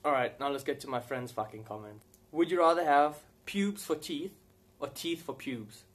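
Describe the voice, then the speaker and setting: A man's voice: fairly high pitch, moderate pace, fairly bright tone. A man answering viewer questions to camera in a rambling, casual way, swearing heavily and laughing often.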